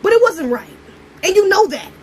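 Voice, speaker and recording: A woman's voice: very high voice, very animated, normal speed, slight background noise. A young American woman giving a blunt, preachy, profane casual monologue. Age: young adult. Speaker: commentator.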